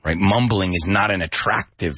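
A man hosting a radio English lesson as DJ and teacher, animated and demonstrative, spelling out words and acting out their meanings. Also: low voice, normal speed, slightly rough, dry recording, muffled recording. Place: radio studio.

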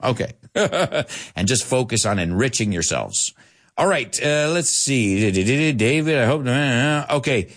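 Lively, animated male English teacher. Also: medium pitch, unhurried. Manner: animated, laughing, switching between English and Spanish to explain. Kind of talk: live lesson reading viewer comments.

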